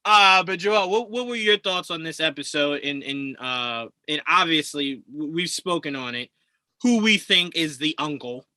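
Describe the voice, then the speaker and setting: Animated bright-voiced male podcast co-host. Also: fairly high pitch, moderate pace, no room sound. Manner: animated, laughs while acting out quotes. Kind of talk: casual chat.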